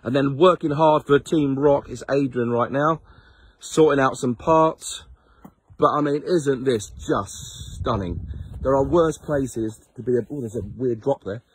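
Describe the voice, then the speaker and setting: Short on sleep, a man running a charity motorbike ride chats to his phone camera, held in hand, out on a headland. He speaks a bit slowly in a breathy mid-range voice, rambling casually and cracking self-mocking jokes.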